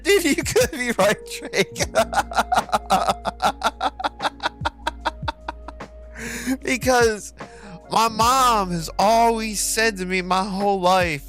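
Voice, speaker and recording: Man streaming a game, casual rambling chat, profane and jokey, slow unhurried delivery, slightly high voice, soft music underneath. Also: animated. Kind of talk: casual chat while gaming.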